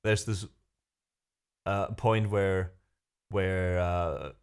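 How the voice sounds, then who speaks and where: A man's voice: deep voice, fairly even intonation, drawn-out words, clear, resonant tone. A young man hosting a livestream, chatting with viewers in a rambling, hesitant way with many fillers. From Germany. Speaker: livestream host. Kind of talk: casual chat with viewers. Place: home room.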